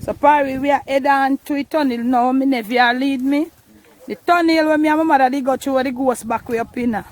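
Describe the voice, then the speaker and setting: Jamaican woman vlogger, high-voiced, casual Patois narration, faint noise behind. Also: steady tone, a little fast. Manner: chatty, coaxing, in Jamaican Patois.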